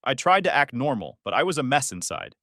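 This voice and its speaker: Young man, first-person story narration, lively intonation, dry close sound. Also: mid-range voice, fairly quick, no room sound.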